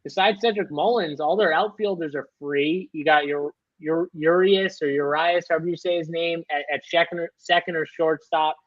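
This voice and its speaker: A man's voice: a little high, fairly even intonation, normal speed, hardly any pauses, no room sound, dull audio. A man talking through fantasy baseball picks on a live show in a loose, rambling way, with lots of fillers. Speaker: fantasy sports analyst. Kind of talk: casual live-show chat.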